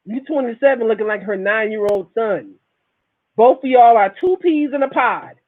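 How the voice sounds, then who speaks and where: A man in his thirties talking in a casual monologue, animated and repetitive, full of swearing and rhetorical questions. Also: extremely high pitch, moderate pace. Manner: animated, repetitive, profane storytelling. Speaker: podcast host. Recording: tinny phone-like recording.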